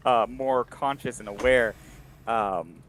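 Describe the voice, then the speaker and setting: A man's voice: mid-range voice, slow, a bit bright, slight background noise. A man playing a tabletop game, hesitantly thinking through his options aloud. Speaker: player.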